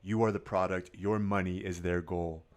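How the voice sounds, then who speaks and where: A man giving casual market commentary as a day trader, mumbling quietly over his charts at times and firing up into a loud, swearing pep talk at others. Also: low voice, steady tone, moderate pace.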